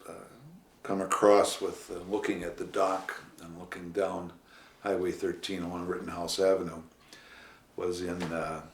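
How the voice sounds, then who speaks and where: A man being interviewed as a former city official, telling long stories with many pauses. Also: low voice, flat delivery. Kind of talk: anecdotal interview storytelling. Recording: echoey room, faint hiss.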